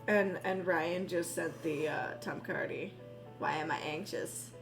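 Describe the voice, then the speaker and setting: A woman live-streaming while she bakes, chatting in a rambling, casual way, swearing freely and cooing in a high voice at her dogs. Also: moderate pace. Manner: coos in a high voice when talking to her dogs. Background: music.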